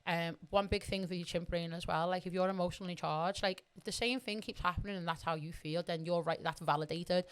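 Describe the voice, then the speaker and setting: Fast-talking sweary woman. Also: lowish voice, steady tone, clean tone. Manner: blunt, sweary, emphatic. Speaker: podcast guest. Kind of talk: candid conversational storytelling.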